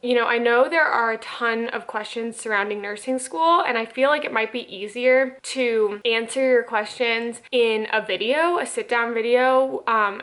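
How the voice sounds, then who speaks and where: Woman in her twenties, casual vlog chat, upbeat, filler-heavy, slightly high voice. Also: fairly bright tone. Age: 20s. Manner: chatty, frequent "like" fillers, upbeat. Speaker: nursing student vlogger. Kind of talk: casual vlog talk to camera.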